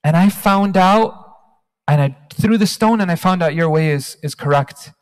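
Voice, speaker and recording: A man doing a humble young boy who sounds wide-eyed and excited, with a rather high voice. The hall gives it a long reverb. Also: moderate pace, close to an everyday voice. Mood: amazed.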